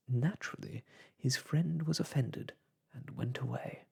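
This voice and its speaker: A storyteller softly whispering an old children's book aloud, in a whispered role-play. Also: medium pitch, slow pace, creaky, slightly rough.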